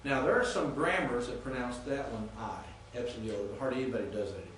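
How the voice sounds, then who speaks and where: A male professor giving a classroom lecture, patiently spelling out Greek sounds and repeating words slowly. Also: mid-range voice, fairly bright tone. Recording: echoey classroom from far off with faint noise.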